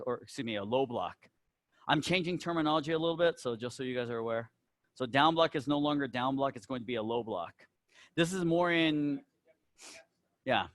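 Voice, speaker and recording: A Southern man giving his instructors pointers in a relaxed, coaching tone, tagging lines with "right?" to check they follow. His voice sits at an ordinary middle pitch. The sound is dry and close, with almost no room echo. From American South. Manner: casual, instructive, peppers talk with "right?" and "all right?". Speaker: taekwondo school head instructor. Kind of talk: instructor meeting talk.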